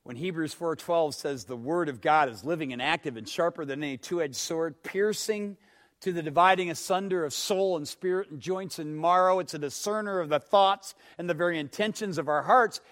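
A man preaching a sermon, swinging from hushed phrases to loud, emphatic ones and asking his listeners questions. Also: on the high side, moderate pace.

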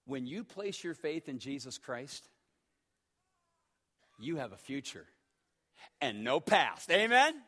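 A middle-aged male pastor preaching a sermon, emphatic, swinging from hushed tones to shouts. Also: medium pitch, expressive, slow pace, long pauses.

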